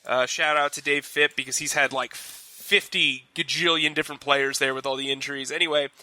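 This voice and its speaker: A young man co-hosting a casual sports analysis chat, talking in quick animated bursts with frequent restarts. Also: mid-range voice, dry recording. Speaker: sports reporter co-host.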